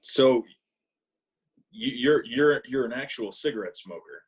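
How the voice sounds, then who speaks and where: A man co-hosting a casual podcast over a call, telling animated stories and mimicking people in a high voice. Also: unhurried, husky, low-quality recording. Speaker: podcast co-host. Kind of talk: casual chat, storytelling. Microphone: remote call mic.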